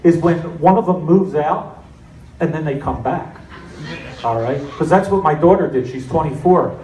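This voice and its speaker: Middle-aged comedian with a raised voice. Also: male voice, a little high, normal speed, recorded from a distance. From New Jersey. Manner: deadpan self-mocking storytelling. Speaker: stand-up comedian. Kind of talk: stand-up comedy set. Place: comedy club stage. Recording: echoey club with audience noise. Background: audience laughter.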